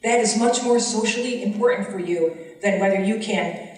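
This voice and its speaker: Earnest teacher testifying in an echoey hall. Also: female voice, mid-range voice, moderate pace. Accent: Western New York. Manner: earnest, pleading, voice rising with emotion. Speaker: special education teacher testifying. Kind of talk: public testimony at a hearing. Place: large hall, heard from a distance. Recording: echoey hall, mic far off.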